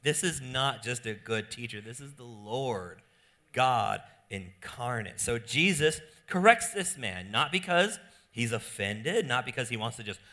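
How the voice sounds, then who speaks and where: A young adult man, a pastor preaching a sermon with animated, playful storytelling. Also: medium pitch, measured pace.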